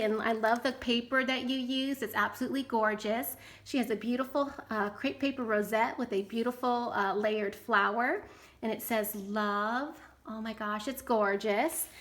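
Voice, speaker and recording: A woman's voice: on the high side, pushed and bright. Gushing woman unboxing craft mail. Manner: gushing and enthusiastic, many delighted exclamations. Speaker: crafting YouTuber opening happy mail. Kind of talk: casual unboxing chat.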